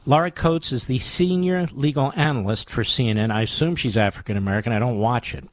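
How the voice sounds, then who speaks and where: A male radio host tears into the news in a combative, sarcastic monologue, firing off short punchy phrases. His voice sits at an ordinary pitch. The sound is dry and close, with a slightly dull, lo-fi broadcast quality. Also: fairly quick, dry recording. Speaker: radio talk show host. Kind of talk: political talk radio monologue.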